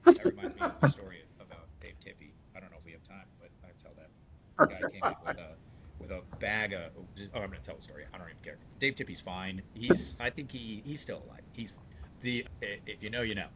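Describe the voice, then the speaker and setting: Low-voiced man telling a rambling story. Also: a little fast, crowd noise. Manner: rambling, animated storyteller with frequent restarts; salty, blunt talk. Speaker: dealership owner. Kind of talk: casual storytelling on a podcast.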